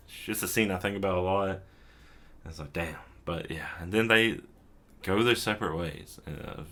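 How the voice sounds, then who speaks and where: Young man, drunk, rambling recap, bright tense voice, a bit low-pitched. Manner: rambling, filler-heavy, swears and chuckles. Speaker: host. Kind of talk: casual drunken anime recap.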